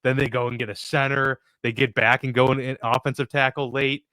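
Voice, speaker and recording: A man's voice: mid-range voice, level tone, brisk, pushed and bright, smooth, no room sound. A man co-hosting a casual sports podcast, easygoing and agreeable as he runs through picks. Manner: easygoing, agreeable, laughs along. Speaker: podcast co-host.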